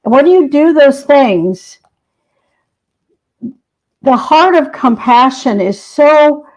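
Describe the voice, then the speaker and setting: A woman's voice: high-pitched, darkish tone. A woman guest on a podcast telling spiritual stories in an earnest, compassionate way, recorded with dull lo-fi sound. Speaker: shaman guest.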